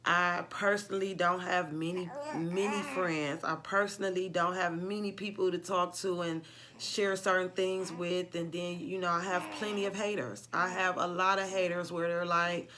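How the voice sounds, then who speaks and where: Chatty woman vlogger, lowish voice. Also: flat delivery, moderate pace, bright, forceful tone. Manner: chatty, laughs often, acts out quotes of others. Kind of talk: casual chat to camera.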